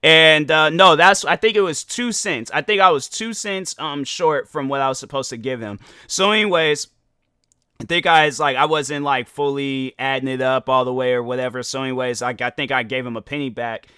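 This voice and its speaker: A man's voice: mid-range voice, normal speed, pushed and bright, smooth, no echo, clean studio sound. A young adult man hosting a podcast, telling a casual story and acting out both sides of the dialogue. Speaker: podcast host.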